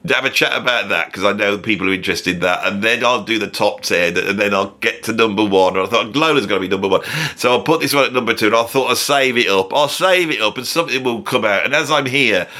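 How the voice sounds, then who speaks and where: A British man talking through a comedic commentary in a rambling, sardonic way, cutting himself off mid-thought. His voice is bright and forward. His pitch swings widely as he talks. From Britain. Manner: rambling, self-interrupting, sardonic. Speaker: video host.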